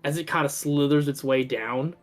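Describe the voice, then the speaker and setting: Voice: mid-range voice, fairly even intonation, moderate pace, faint music behind. A game master narrating a tabletop game in a chatty, loose way with many fillers.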